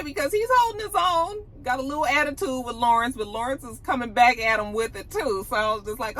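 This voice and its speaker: A woman's voice: medium pitch, sing-song, brisk, fairly bright tone, a little hiss or hum, rough recording. A woman recapping a TV episode in a chatty, slangy way, laughing often. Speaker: TV episode reviewer. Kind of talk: casual TV recap.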